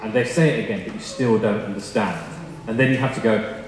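A young man with a fairly low-pitched voice, speaking a little fast, preaches a storytelling sermon, telling funny, chatty, self-deprecating stories before turning to the scripture. The recording is from an echoey hall with long reverb and faint noise.

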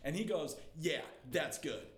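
A man's voice: on the high side, unhurried. A young man tells a story with a voice that swings freely up and down, laughing and acting out what everyone said. The room around him is echoey. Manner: lively, laughing, acts out quotes. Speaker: comedian guest. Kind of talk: animated storytelling.

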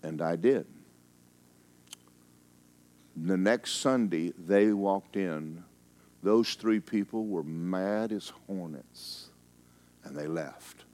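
A male pastor delivering a sermon, telling stories in a folksy, teasing way, with emphatic stretches and hushed asides. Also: deep voice, slow. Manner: emphatic, storytelling preacher who drops into hushed asides.

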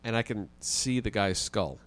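A man with a somewhat low voice speaks as a podcast guest. He tells his story casually and vividly, dropping the occasional swear word. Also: lively intonation, unhurried, fairly bright tone.

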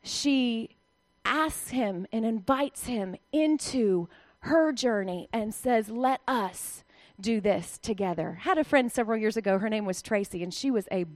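Woman preacher, fairly high voice, dry close sound, conversational sermon with direct asides. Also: a little slow, darkish tone, no echo. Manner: chatty, direct asides to the audience. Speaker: Bible teacher speaking to women.

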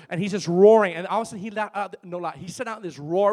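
High-voiced man preaching. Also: fast, few pauses. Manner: emphatic call-and-response preaching with lively storytelling. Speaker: pastor. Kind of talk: sermon. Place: church with a worship team.

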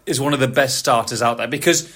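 A man, hosting a podcast in a chatty, animated storytelling way. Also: mid-range voice, fast. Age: 40s. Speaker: podcast host. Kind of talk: casual chat.

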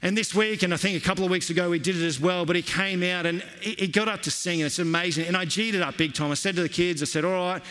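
A man preaching a sermon, telling stories in a lively, conversational way. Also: high-pitched, fast, few pauses. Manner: storytelling, animated and conversational. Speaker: pastor. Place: church hall. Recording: long reverb of a church hall.

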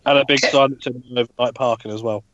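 A man's voice: mid-range voice, steady tone, quick pace, crowd noise. A man chatting casually on a podcast from his parked lorry cab, blunt and sweary, over a video call. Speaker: podcast co-host. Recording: dry, muffled call audio.

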